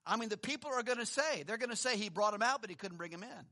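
Male pastor, conversational sermon, rhetorical questions, high bright voice. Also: animated, fast. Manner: reads scripture aloud, swings between emphatic and hushed.

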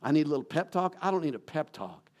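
A pastor preaching in church with earnest, pleading questions, his voice swinging between hushed and raised, then leading a prayer. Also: on the high side, big pitch swings, fast talker. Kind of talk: sermon with closing prayer.

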